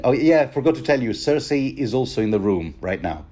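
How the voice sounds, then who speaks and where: A man's voice: medium pitch, big pitch swings, a little fast, hardly any pauses, warm tone. A man giving a rambling, wry commentary on a book chapter, often stammering and restarting his sentences. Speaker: podcast host.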